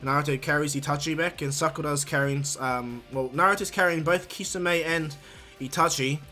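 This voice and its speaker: A man's voice: fairly high pitch, fairly even intonation, normal speed, pushed and bright, soft background music. Rambling man retelling a fan story. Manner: rambling, many fillers and restarts.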